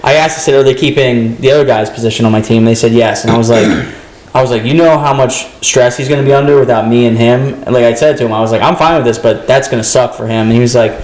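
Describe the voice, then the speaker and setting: A man's voice: medium pitch, fairly even intonation, fast, a little mellow, reverberant, poor audio. A young adult man, a comedian guest, telling a rambling story in casual chat and acting out the voices he quotes.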